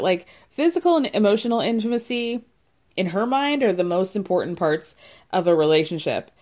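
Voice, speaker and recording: A woman's voice: mid-range voice, a little mellow. A woman hosting a podcast, recapping a reality show in casual, blunt and mocking commentary into a close mic. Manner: sarcastic, mocking and blunt, with filler "like".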